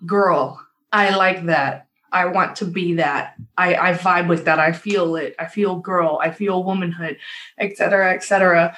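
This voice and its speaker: Earnest, low-voiced woman player. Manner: earnest and reflective. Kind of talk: casual chat.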